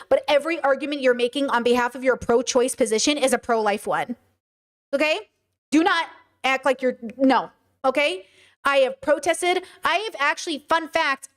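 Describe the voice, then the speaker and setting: A young woman with a high voice talks straight to her livestream chat. She argues heatedly and emphatically, and she keeps pressing the same questions again and again. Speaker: podcast host. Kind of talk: livestream commentary.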